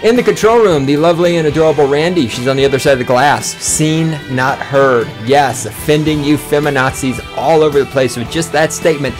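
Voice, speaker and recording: A man hosting a podcast from a small studio, ranting loudly and boastfully with heavy swearing. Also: fairly high pitch, brisk, few pauses, music in the background. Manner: loud, fired-up, profane and boastful. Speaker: podcast host. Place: small recording studio with a control room.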